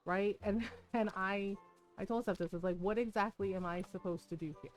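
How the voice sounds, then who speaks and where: A woman's voice: medium pitch, moderate pace, faint music behind. A woman in her forties, a streamer chatting casually and candidly, swearing freely and laughing now and then. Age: 40s. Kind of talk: casual venting chat while gaming.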